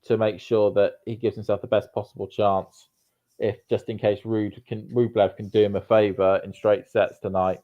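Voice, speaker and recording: A man's voice: lowish voice, flat delivery, normal speed. A man from Yorkshire with a Yorkshire accent, co-hosting a tennis watchalong in a thoughtful, easygoing way. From Yorkshire, England. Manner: thoughtful, laughs easily. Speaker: watchalong co-host. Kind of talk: casual live commentary chat. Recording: slightly dull lo-fi audio.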